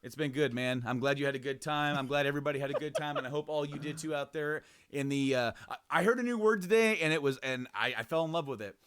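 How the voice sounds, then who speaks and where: A man co-hosting a casual podcast, signing off with relaxed, joking banter. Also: on the high side, fast talker, few pauses, clean tone. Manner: laid-back, joking sign-off banter. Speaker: podcast co-host.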